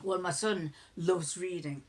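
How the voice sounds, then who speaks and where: A woman's voice: on the low side, fairly even intonation, unhurried. A middle-aged woman, chatting casually in a vlog and telling rambling family stories with frequent chuckles. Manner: rambling storyteller, chuckles often, many restarts. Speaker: crafting vlogger. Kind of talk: casual chat.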